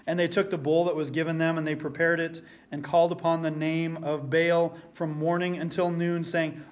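Male preacher, slightly raised pitch, emphatic delivery that slows right down and goes quiet on key words. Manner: emphatic, slows down and drops to near silence for stress. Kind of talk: expository sermon with scripture reading.

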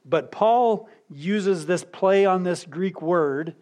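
A middle-aged man preaching a sermon as a pastor, teaching verse by verse and slowing down to stress key words. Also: high-pitched, darkish tone.

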